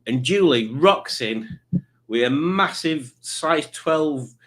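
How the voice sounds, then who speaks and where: A man's voice: a little high, expressive, takes it slowly. A man hosting a live stream, chatting casually and reading out viewer messages in silly voices. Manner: joking, reads chat messages aloud in silly voices. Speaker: livestream host.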